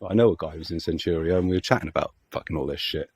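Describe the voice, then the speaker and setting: A man ranting angrily as a political commentary vlogger, sweary and heated with loud outbursts. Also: very deep voice, very fast, slightly rough, dry recording, clean studio sound. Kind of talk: angry profane rant.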